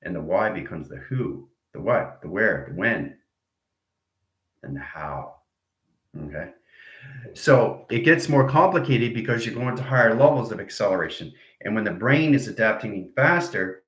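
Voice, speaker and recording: A man's voice: fairly low pitch, lively intonation, moderate pace, a bit bright, roomy sound, low-quality recording. A man giving a rambling spiritual lecture, repeating abstract jargon and checking in with his listeners. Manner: acts out arguing inner voices. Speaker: self-styled spiritual teacher.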